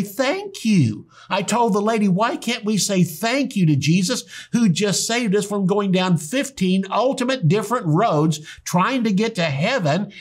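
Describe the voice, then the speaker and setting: A pastor preaching a sermon, telling stories and acting out the people in them. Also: male voice, high-pitched. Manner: storytelling preacher, acts out quoted people. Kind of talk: sermon teaching.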